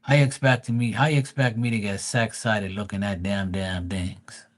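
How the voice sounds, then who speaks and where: A man's voice: fairly low pitch, steady tone, moderate pace. A man telling stories in a casual, crude and mocking rant, full of swearing, with stammered restarts. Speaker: vlogger.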